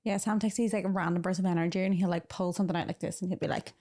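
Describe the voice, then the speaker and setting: A young woman hosting a casual podcast chat with her boyfriend, talking in a teasing, animated way. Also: on the low side, very fast. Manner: chatty, teasing, animated storytelling. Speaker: podcast host.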